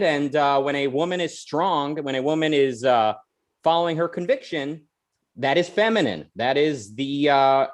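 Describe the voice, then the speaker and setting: A man hosting a podcast, talking in a chatty, rambling way full of restarts and side tangents. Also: medium pitch. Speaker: podcast host. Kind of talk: casual podcast chat.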